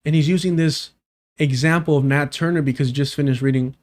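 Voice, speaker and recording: Male live-streamer, reacts to debate clip, swears a lot, incredulous and heated, slightly high voice. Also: fairly even intonation, fairly quick.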